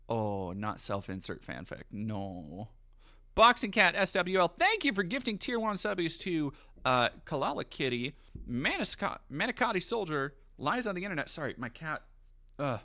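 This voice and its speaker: Animated, bright-voiced male streamer. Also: on the high side, normal speed. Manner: animated, profane, jokey riffing; reads text aloud with mock drama. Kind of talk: casual livestream commentary.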